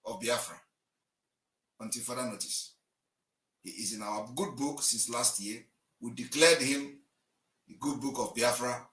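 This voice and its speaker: A man giving an impassioned political address, emphatic and declaiming, swinging between loud and quiet. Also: mid-range voice, lively intonation, moderate pace. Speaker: livestream broadcaster. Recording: echoey room, distant mic.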